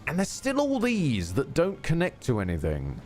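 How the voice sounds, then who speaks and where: A man's voice: fairly high pitch, huge pitch swings, normal speed, darkish tone, faint music behind. A man streaming a video game, chatting casually with rambling asides and frequent self-corrections. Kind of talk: casual live gameplay commentary.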